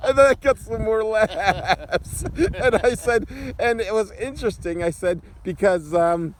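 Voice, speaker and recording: A man's voice: sits high, a little slow. A man telling a long funny story about a past gig, laughing often as he goes. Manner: animated, laughs often while telling jokes. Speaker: guest storyteller. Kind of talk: casual anecdote telling.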